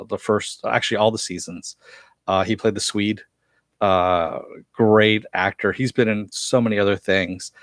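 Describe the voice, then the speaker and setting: A man giving a casual spoken recap and review of a TV episode, chatty, laughing often and pausing with fillers. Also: lowish voice, dry recording, clean studio sound. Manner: chatty, laughs often, frequent uh fillers while recounting scenes.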